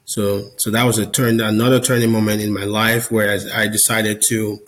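A man's voice: fairly low pitch, level tone, normal speed, fairly bright tone, rough recording. Earnest man telling a personal story. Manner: earnest storyteller, repeats words as he goes. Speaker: podcast guest, Catholic business founder. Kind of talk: personal testimony in casual conversation.

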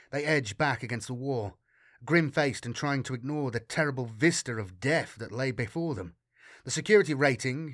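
A man narrating a dark sci-fi horror audiobook in a measured way, slowing for grim detail. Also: mid-range voice, dry recording, studio quality.

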